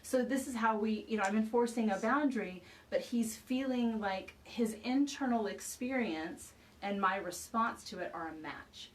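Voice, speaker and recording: A woman parenting expert explaining ideas through a lively personal anecdote in casual conversation. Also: on the high side, normal speed, few pauses, recorded from a distance, rough recording. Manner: animated storyteller, acts out quoted dialogue. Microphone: video call.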